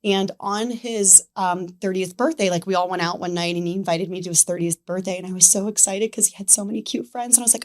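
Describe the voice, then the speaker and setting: A woman's voice: on the low side, steady tone, fast talker, hardly any pauses. A woman in her thirties telling a personal story as a podcast guest, chatty and full of filler words. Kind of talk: casual interview storytelling.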